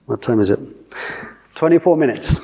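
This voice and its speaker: Emphatic preacher with a husky voice. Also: male voice, mid-range voice, expressive, moderate pace, dark tone. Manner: repetitive, emphatic, asks the audience questions. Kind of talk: sermon.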